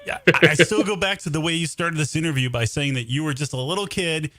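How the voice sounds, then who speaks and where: A man's voice: on the high side, quick pace, pushed and bright. A man hosting a casual interview, talking about music with enthusiasm and admiration.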